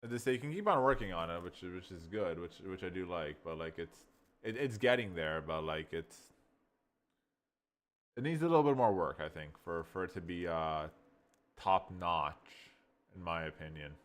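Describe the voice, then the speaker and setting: A man casually reviewing software while thinking aloud, rambling as he goes. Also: sits low, animated, moderate pace. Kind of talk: casual screen-recording review.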